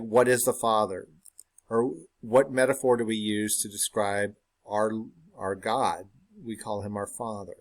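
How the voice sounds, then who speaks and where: A man at a middle pitch, reading the lines of a Shakespeare scene aloud. He then stops to unpack them in loose, everyday talk. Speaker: teacher.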